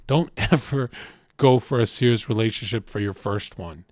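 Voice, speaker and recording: Male streamer, brash and profane, animated storyteller, mid-pitched, dry close mic. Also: moderate pace, no echo. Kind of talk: livestream rant.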